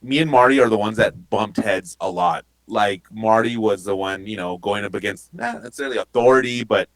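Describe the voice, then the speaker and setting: A man's voice: lowish voice, brisk, low-quality recording. A man guesting on a podcast, telling a behind-the-scenes story in a rambling, heartfelt way with many restarts. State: getting teary-eyed. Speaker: podcast guest and wrestling promotion insider. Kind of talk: casual podcast chat.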